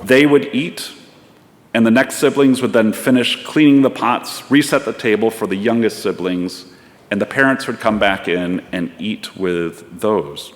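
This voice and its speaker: A man's voice: fairly low pitch, unhurried. A man preaching a sermon as pastor, in a reflective storytelling way. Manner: storytelling, reflective, acts out voices. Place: church sanctuary. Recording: long church hall reverb.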